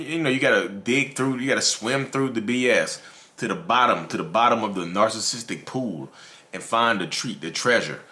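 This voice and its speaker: A YouTube host talks casually to camera on his own channel about narcissism, his voice on the low side with a bright, forceful tone. He repeats himself and addresses his viewers as "y'all."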